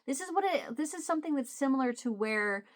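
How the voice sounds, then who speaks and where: A woman's voice: high voice, animated, quick pace. A middle-aged woman vlogger chatting casually, telling a family story and quoting her family as she goes. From US Midwest. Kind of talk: casual chat.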